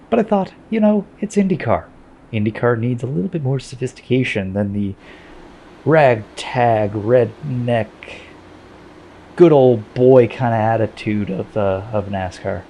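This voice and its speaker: A man calls his own race replay in a chatty, self-deprecating way. His voice has a gravelly edge. Faint game sound runs underneath. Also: on the low side, mellow, a little hiss or hum. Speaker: sim racing commentator.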